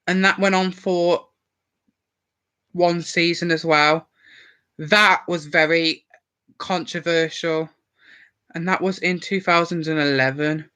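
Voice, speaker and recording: A man's voice: on the high side, fairly even intonation, takes it slowly, long pauses, pushed and bright, smooth. A man rambling casually on a live stream, chatty and swearing freely.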